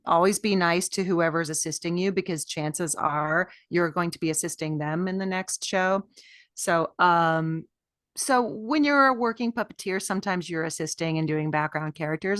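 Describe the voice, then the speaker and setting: Enthusiastic woman puppeteer, lowish voice. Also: moderate pace, fairly bright tone, no echo, studio quality. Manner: enthusiastic, with fillers and laughs. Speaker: puppeteer guest. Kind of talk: casual interview chat.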